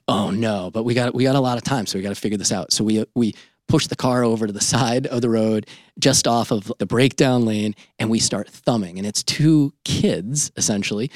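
A middle-aged man, an entrepreneur and podcast host, telling a lively anecdote in an interview and often checking in with "right?". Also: lowish voice, dry recording, clean studio sound.

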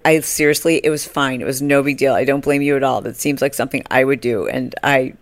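Low-voiced woman telling a story, laughing. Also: fairly quick, no room sound. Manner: animated, laughing, acts out quoted people in high voices. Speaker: podcast host. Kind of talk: casual storytelling monologue.

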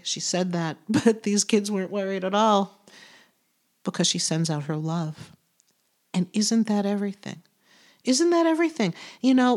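A middle-aged woman who is a medium hosts a spiritual podcast in a mid-range, darkish voice. She speaks earnestly and soothingly, laughing often and trailing off while she searches for words.

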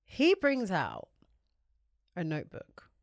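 A woman's voice: lowish voice, takes it slowly, dry recording, studio quality. A woman with a London accent, a podcast co-host chatting casually and acting out the dialogue in her stories. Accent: London English. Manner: animated storytelling, acts out dialogue. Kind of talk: casual chat.

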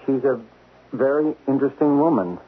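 A man's voice: medium pitch, expressive, normal speed, breathy edge. A man playing a nervous, stammering foreign agent in a 1970s radio drama. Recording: old radio broadcast, phone-like band.

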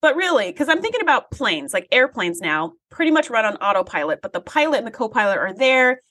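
A woman's voice: a little high, big pitch swings, fast, a bit bright. A woman co-hosting a podcast, chatting casually and thinking aloud while quoting characters. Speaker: podcast co-host. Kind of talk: casual chat recapping an episode.

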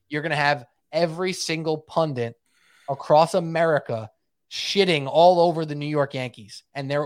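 A man co-hosting a casual sports podcast, talking in an animated, emphatic way and often repeating himself. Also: on the high side, no room sound, clean studio sound. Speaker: podcast co-host.

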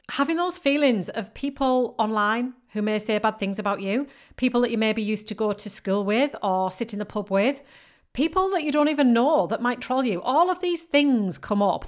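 A woman with a northern English accent, hosting a solo podcast as a business coach and speaking in an earnest, encouraging way. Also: fairly high pitch. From northern England. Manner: earnest, encouraging, acts out clients' excuses.

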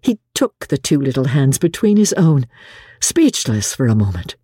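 A woman narrating a classic novel with expressive, storytelling delivery. Her voice is husky and dark, with a wide, lively pitch range. The recording is close and dry. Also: normal speed, dry recording. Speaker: audiobook narrator.

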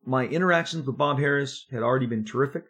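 A man in his fifties, a comic book artist telling a story from his career in an animated, emphatic way that speeds up when he gets excited. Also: mid-range voice, fast, husky. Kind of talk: storytelling monologue.

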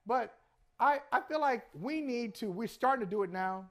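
A man's voice: very high-pitched, animated, normal speed. A man co-hosting a sports talk show, talking casually in a reflective, conversational and agreeable way. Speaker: sports podcast co-host. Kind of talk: casual chat.

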